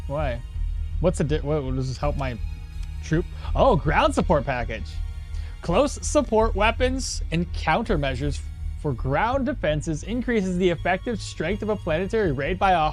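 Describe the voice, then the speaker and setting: A man streaming a game live, chatting casually and self-deprecatingly, reading chat aloud as he plays. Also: high-pitched. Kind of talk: casual live gameplay commentary.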